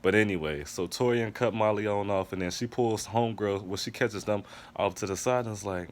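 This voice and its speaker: A man's voice: fairly low pitch, brisk. A man giving a casual TV episode review, ranting emphatically with a lot of profanity. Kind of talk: casual recap and review monologue.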